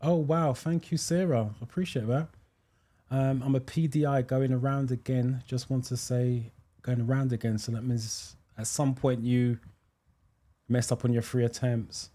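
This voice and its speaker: A man's voice: medium pitch, little pitch movement, unhurried, warm tone. A British man hosting a live driving theory stream, chatting casually as he reads viewer comments and explains answers. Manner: chatty, thinks aloud, many ums, thanks viewers.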